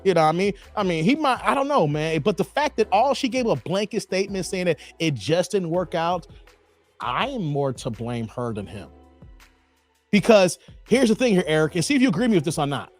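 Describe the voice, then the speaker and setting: A man hosting a live commentary stream, animated, laughing often and talking to his chat by name. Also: high-pitched, a little fast, faint music behind.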